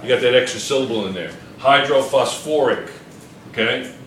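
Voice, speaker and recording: Male chemistry teacher, bright voice, drills the class with repeated questions; roomy classroom sound. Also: mid-range voice, moderate pace, recorded from a distance, a little hiss or hum. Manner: quizzing students, repeating questions. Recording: echoey classroom.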